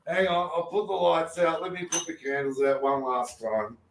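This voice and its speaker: A man's voice: fairly high pitch, steady tone, moderate pace, a little hiss or hum, low-quality recording. A man co-hosting a livestream, joking around in casual banter. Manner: joking, playful.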